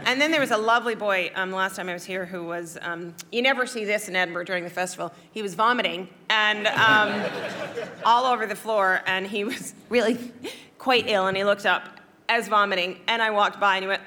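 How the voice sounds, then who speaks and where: A woman's voice: mid-range voice, brisk, noisy background. A woman telling comic anecdotes as a talk show guest, chatty, giggly and self-mocking. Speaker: guest storyteller.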